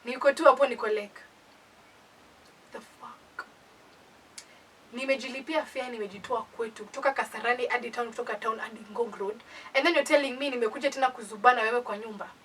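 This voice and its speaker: A young woman with a Kenyan accent telling a casual storytime, animated and indignant. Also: on the high side, very fast, a little hiss or hum. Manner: animated, indignant, code-switching. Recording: voice distant from the mic.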